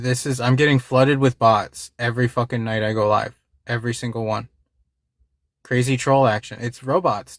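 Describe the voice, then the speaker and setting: A man's voice: medium pitch, gravelly, no room sound, clean studio sound. Frustrated man ranting to his stream chat. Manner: frustrated, agitated, swearing, repeating himself. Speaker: livestream host. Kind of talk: casual livestream talk to chat.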